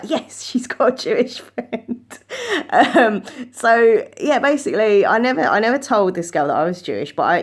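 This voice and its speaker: Earnest chatty woman. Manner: earnest, chatty, rises in pitch when quoting herself. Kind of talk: personal storytelling to camera.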